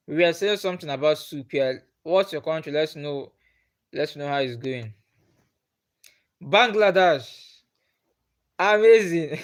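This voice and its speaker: A man with a Nigerian accent, chatting on a live stream and putting the same questions to his viewers again and again. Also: a little high. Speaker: livestreamer.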